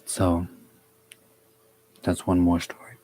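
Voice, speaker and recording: A young man from the DC, Maryland and Virginia area chats on a live stream, telling a long story in a relaxed, slangy way. His voice sits low and stays fairly flat. He breaks off now and then to greet viewers by name. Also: takes it slowly, breathy edge, no room sound. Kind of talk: casual storytelling on a livestream.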